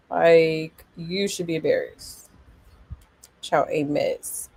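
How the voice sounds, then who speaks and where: A woman hosting celebrity gossip, casually reacting to clips and comments in a sassy drawl with loud laughs. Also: low-pitched, very animated, drawn-out words, creaky, breathy edge.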